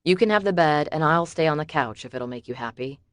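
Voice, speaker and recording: A woman voicing a calm, firm, protective man on guard, for an audiobook. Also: deep voice, a little fast, dry recording. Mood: steady.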